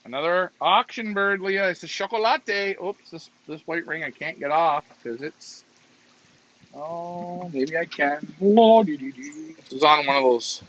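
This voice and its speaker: A man's voice: on the high side, measured pace, bright, forceful tone. A man co-hosting a live stream, bantering and mocking himself in casual chat. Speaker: co-host of a live pigeon race stream. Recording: slightly dull lo-fi stream audio.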